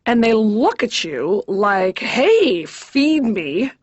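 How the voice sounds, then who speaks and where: An actress playing a high-strung, weepy woman in therapy who rants rapidly and indignantly. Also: sing-song, slightly rough, no echo, heavily acted. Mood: ranting. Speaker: therapy patient. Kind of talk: comic monologue in a therapy session. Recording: dry, dull lo-fi audio.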